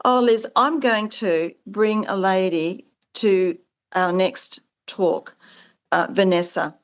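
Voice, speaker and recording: A woman guest in a conversational interview, talking about her work with earnest conviction. Her pitch sits mid-range for a woman, and she bounds up high when acting out what others said to her. She talks in long, winding stretches, often restarting her sentences. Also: takes it slowly, dull audio. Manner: earnest, animated, acts out quoted exchanges with sharp rises in pitch. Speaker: guest, founder of a farming support business.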